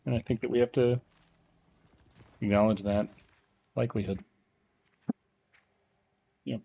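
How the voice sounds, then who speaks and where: A man streaming a game, chatting casually and playfully teasing his chat, often dropping into quiet muttering. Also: mid-range voice, steady tone, unhurried, gravelly, long pauses, slight background noise. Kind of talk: casual live-stream commentary.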